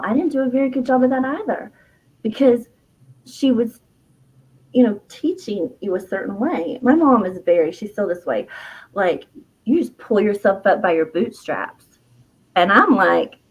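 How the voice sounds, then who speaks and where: A woman's voice: medium pitch, breathy edge, muffled recording. A middle-aged woman, an herbalist and author, telling a personal story as an interview guest in an earnest, heartfelt way, laughing often and restarting her sentences. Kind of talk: candid personal storytelling in conversation.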